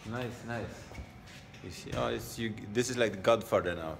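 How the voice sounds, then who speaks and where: A man's voice: on the low side, normal speed, vocal fry. Swedish man in a roomy, noisy space. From Sweden. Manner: chatty and self-mocking. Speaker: stand-up comedian. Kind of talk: travel vlog and stand-up set. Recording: echoey, distant, noisy ambience.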